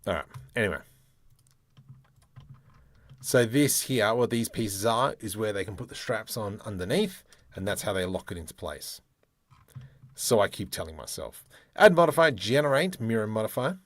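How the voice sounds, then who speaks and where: A man demonstrating 3D modeling software, thinking aloud in a playful way and muttering keyboard shortcuts and mild exclamations as he works. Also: on the low side, lively intonation, moderate pace, long pauses. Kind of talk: screen-recorded software tutorial, thinking aloud.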